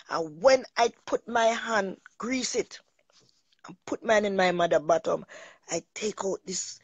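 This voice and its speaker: A woman's voice: medium pitch, darkish tone, no echo. Middle-aged female host, emotional rambling storyteller, dry close sound. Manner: rambling, emotional, repeats herself. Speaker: talk show host. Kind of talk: personal storytelling monologue.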